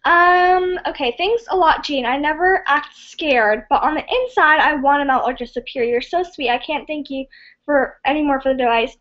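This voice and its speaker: A woman hosting a casual live stream, reading viewer comments in an excitable, scattered and giggly way. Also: sits high, moderate pace, muffled recording.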